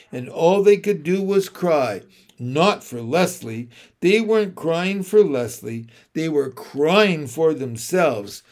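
A man narrating a children's novel in slow, deliberate, emotional storytelling. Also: on the high side, a little mellow. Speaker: audiobook narrator.

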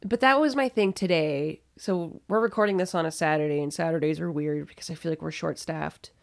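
Gravelly-voiced young woman, blunt storyteller. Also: sits low, fairly quick. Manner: blunt, swears freely, storytelling. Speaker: podcast co-host. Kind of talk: casual chat.

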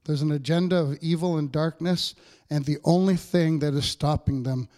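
Pastor preaching, higher-pitched man. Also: steady tone, normal speed, mellow. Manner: conversational preaching, frequent "all right" checks with the congregation. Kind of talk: sermon.

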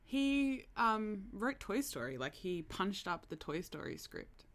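Bright-voiced chatty woman podcaster. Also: mid-range voice, sing-song, measured pace. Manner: chatty, many fillers, laughs often. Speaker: podcast co-host. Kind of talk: casual chat.

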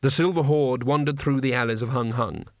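A man narrating an audiobook in a measured, wry storytelling manner. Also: medium pitch, dry recording, clean studio sound.

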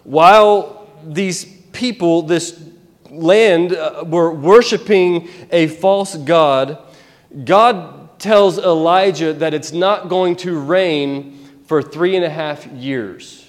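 A man preaching a sermon, retelling a Bible story in an animated, conversational way with asides. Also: fairly high pitch, slow, long reverb tail.

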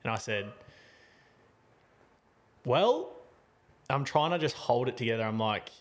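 A man's voice: medium pitch, fast. Man telling a story. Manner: animated, acts out both sides of the story with voices. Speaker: podcast co-host. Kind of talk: casual storytelling chat.

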